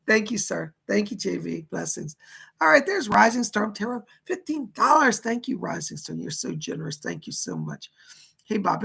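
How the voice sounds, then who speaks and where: A hoarse man working as a psychic medium goes through donations and viewer questions on his live stream, relaying what spirits say with frequent "he said." He speaks high and fairly bright, coughing occasionally.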